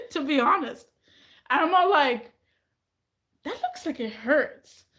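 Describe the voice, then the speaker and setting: A woman vlogging in a casual, rambling monologue, chatty and animated, often mimicking other people's voices. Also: sits high, slow, reverberant, rough recording.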